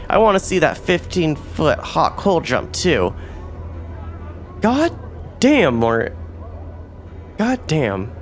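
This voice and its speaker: Animated man playing a video game. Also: a little high. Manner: animated, playful reactions. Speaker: host. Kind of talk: let's play commentary.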